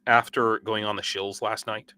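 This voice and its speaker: A young man with a bright, forward voice chats through a livestream, worn out from a sleepless night and wired on coffee. His talk rambles and halts, full of restarts and fillers, and he breaks into short laughs between viewer comments. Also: fairly low pitch, flat delivery, normal speed, clean tone. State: sleep-deprived and over-caffeinated. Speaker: livestream host. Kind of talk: casual livestream chat reading viewer comments.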